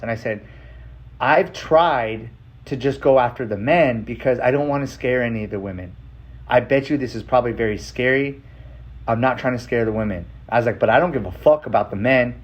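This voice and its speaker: A man casually telling a personal story, animated and profane, acting out the voices of the people in it. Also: medium pitch, highs cut off. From Apache reservation, US Southwest. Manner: animated, profane, acts out other people's lines.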